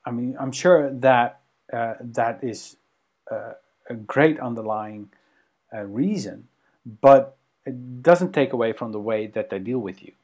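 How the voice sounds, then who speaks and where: A man co-hosting a podcast in casual conversation, animated and halting, with many ums and restarts. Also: medium pitch. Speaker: podcast co-host.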